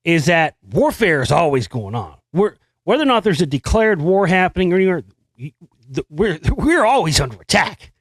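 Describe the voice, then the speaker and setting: A man's voice: sits high, big pitch swings, normal speed, no echo. A man hosting a show, casually riffing on news stories in a profane, rambling and sarcastic way. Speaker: host. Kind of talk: casual monologue commenting on news.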